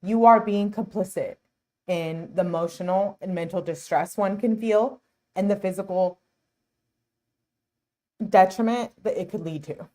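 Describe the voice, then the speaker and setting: A woman's voice: mid-range voice, a little slow, long pauses, mellow. A woman hosting a true crime channel, talking casually and earnestly over footage she plays. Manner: earnest, outspoken, chatty.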